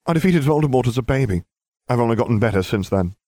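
A man's voice: mid-range voice, expressive, quick pace, mellow, no echo, pitched above the performer's own voice, close to an everyday voice. A man voicing a smug, scheming boy wizard who talks in a grandiose, condescending way.

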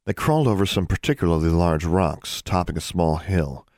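A man narrating a fantasy audiobook in a measured, expressive reading. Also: low-pitched, no echo, studio quality. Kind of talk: scripted narration.

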